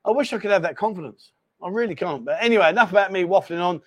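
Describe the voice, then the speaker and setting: A man's voice: sits high, very fast, no room sound. A man hosting a casual livestream from a bar, chatty and apologetic, bantering with his co-host.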